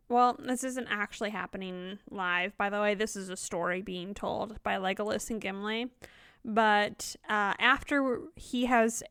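A woman's voice: medium pitch, a bit bright, smooth, no echo, studio quality. A woman co-hosting a casual book discussion podcast, reading quotes aloud and playfully mimicking characters. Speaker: podcast co-host.

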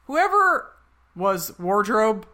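A woman with a bright, clear voice, co-hosting a casual podcast about a movie. Her pitch swings widely as she makes wry, joking asides. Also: big pitch swings, drawn-out words, a little hiss or hum. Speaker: podcast co-host. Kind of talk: casual movie recap chat.

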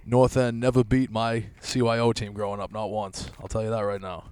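A man's voice: lowish voice, little pitch movement, a little fast, a little mellow, smooth. A man hosting a podcast, chatting crudely and joking, laughing often. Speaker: podcast host. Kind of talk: casual chat.

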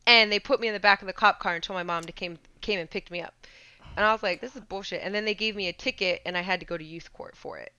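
A young woman telling a story in a casual chat, animated, swearing freely and laughing. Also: mid-range voice, fast talker, smooth, no echo. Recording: dull lo-fi sound.

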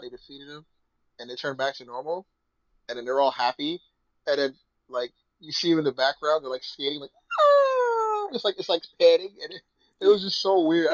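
A man in casual chat, animated and laughing often, breaking into high squealing imitations. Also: no room sound, muffled recording.

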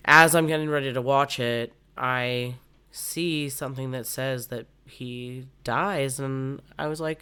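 A woman with a bright, crisp and smooth voice, chatting casually with a friend. She tells her stories with animated, acted-out reactions. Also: extremely low pitch, takes it slowly. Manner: animated storyteller, acts out her own reactions. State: congested from a cold. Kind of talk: casual chat.

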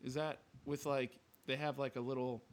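A man's voice: mid-range voice, level tone, normal speed. A man co-hosting a podcast in casual comedic chat, loose and joking, swearing casually. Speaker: podcast co-host.

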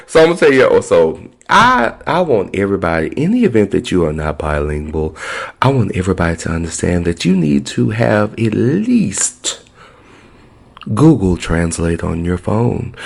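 Man, podcast host, gravelly, animated, playful, sassy. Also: fairly low pitch, normal speed. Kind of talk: casual podcast chat.

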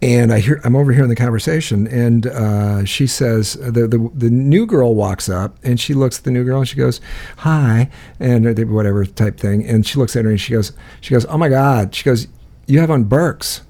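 A man's voice: medium pitch, moderate pace, dark tone. A man co-hosting a podcast, telling a rambling story in casual chat, with many restarts and frequent laughter. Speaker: podcast co-host.

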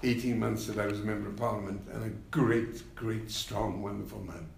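An older man, a former party leader, telling anecdotes in an unhurried interview, with many fillers and wry laughs. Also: lowish voice, fairly even intonation, gravelly, roomy sound. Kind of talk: reflective interview conversation.

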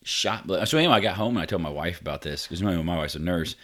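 A man's voice: deep voice, expressive, quick pace, a bit bright. A man co-hosting a podcast, telling a story in a rambling, casual way with slang, cursing and laughter. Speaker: podcast co-host.

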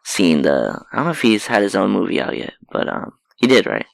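A man's voice: sits low, big pitch swings, a little fast, vocal fry, dry recording, low-quality recording. A man on a podcast chat, talking hesitantly with lots of "like" and "um". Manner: hesitant, fills with "like" and "um". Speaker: podcast co-host. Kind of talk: casual chat.

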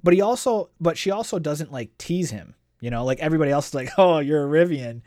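A man hosting a podcast who talks casually and excitedly about a fantasy novel and reads passages aloud. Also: a little high, quick pace, dry recording, studio quality. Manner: excitable, chatty, uses "dude" and "like". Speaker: podcast host. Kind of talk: casual book discussion and reading aloud.

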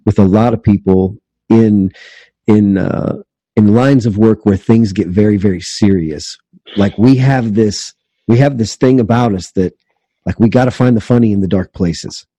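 Male host, low pitch, warm mellow tone, earnest, rambling. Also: normal speed, no room sound. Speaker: podcast host for preachers. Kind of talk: casual interview talk.

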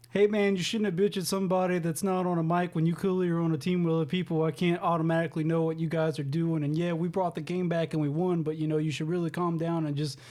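Laughing man telling gaming stories. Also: high voice. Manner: laughing storyteller, swears freely. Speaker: podcast co-host. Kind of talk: casual gaming chat.

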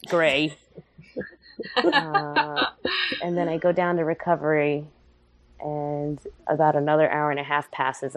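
A young woman telling a candid, humorous and emotional personal story in casual podcast chat. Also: sits low.

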